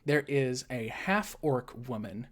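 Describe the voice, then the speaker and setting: A woman running a tabletop game as dungeon master, setting scenes in slow descriptive narration. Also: a bass voice, expressive.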